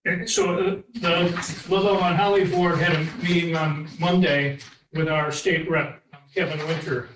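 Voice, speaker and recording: Man board member, fairly high voice, halting update, heard from far across a roomy hall. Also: fairly even intonation, a bit bright, slight background noise. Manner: halting, filler-heavy. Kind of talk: giving a meeting update. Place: school board meeting room.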